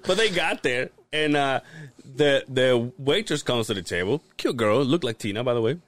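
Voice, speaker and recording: Animated, laughing podcast co-host man. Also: mid-range voice, normal speed. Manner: animated, swearing, laughs through his stories. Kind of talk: casual storytelling chat.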